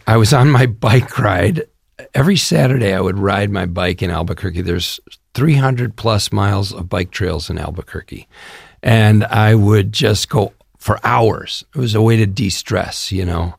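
A man's voice: lowish voice, gravelly, dry recording, clean studio sound. An older man from the Chicago area, an actor talking eagerly and at length in an interview. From Chicago area, US Midwest. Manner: enthusiastic, rambling storyteller. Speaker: actor guest. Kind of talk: promotional interview.

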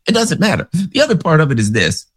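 A man's voice: on the high side, wildly swooping pitch, fast talker, slightly rough. A man giving casual, sarcastic political commentary, rambling through stories and asides.

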